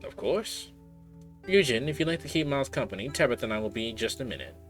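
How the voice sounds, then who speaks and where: A man voicing a kindly, motherly woman who runs a tea shop, in a raised gentle voice. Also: medium pitch, lively intonation, fast, music in the background, voice pushed up, close to an everyday voice.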